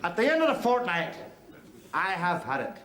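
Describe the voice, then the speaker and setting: A man's voice: high-pitched, huge pitch swings, normal speed. An actor playing a brash, crude male club comedian from Belfast, with a Belfast accent, telling bawdy jokes on stage. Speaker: stand-up comedian. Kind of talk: stand-up comedy performance in a TV drama. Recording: echoey club hall with laughing audience.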